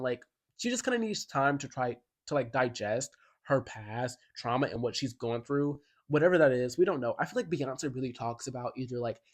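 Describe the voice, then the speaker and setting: A man giving a chatty, enthusiastic album review as a YouTuber, filling his talk with "like". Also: mid-range voice. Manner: chatty and enthusiastic, heavy use of "like". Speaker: music commentary YouTuber. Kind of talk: casual album review commentary.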